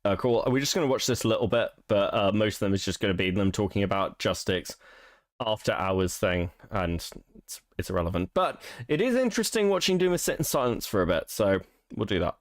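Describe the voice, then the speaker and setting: A man's voice: lowish voice, animated, brisk, no room sound, studio quality. A young British man hosting a stream, talking bluntly and rambling with plenty of swearing. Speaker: streamer host. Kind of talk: casual stream commentary.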